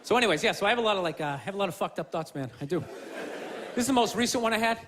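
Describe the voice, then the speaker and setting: A man's voice: high-pitched, expressive, racing. A man doing a stand-up comedy routine on stage, ranting with profanity and acting out other people's voices. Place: theater stage before a live audience. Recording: stage mic with loud crowd laughter and noise.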